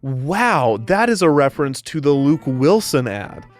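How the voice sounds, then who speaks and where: A man's voice: fairly high pitch, big pitch swings, measured pace, soft background music. A man hosting a comedic commentary show, ranting in an exasperated, sarcastic way.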